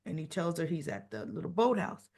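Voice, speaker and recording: A woman's voice: lowish voice, a little fast, a little mellow, husky. A woman giving a casual recap of a soap opera episode, retelling the scenes and quoting each character in turn.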